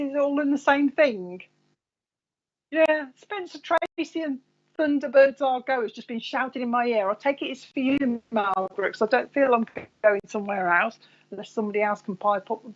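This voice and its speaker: A woman's voice: a little high, muffled recording. A woman psychic medium giving live readings to viewers, chatty and rambling, calling people by name.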